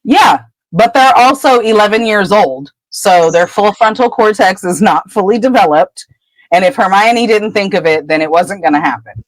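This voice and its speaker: A woman's voice: medium pitch, animated, normal speed, dry recording, poor audio. A woman podcast co-host casually retelling a book chapter, chatty, acting out the characters' lines. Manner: chatty storyteller, acts out quotes.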